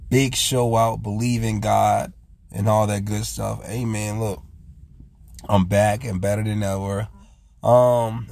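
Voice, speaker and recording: A man with a low, gravelly voice talks in a casual, heartfelt monologue. He speaks earnestly to his viewers and keeps retelling his own words with "I said". He sounds middle-aged and sincere. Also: a little mellow, no echo. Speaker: vlog host.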